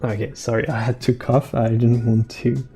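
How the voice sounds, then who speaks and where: A man painting live on stream, talking softly and slowly to his chat and repeating words as he works, with faint music behind him. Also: medium pitch, level tone, breathy edge. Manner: soft-spoken, slow, repeats words while painting.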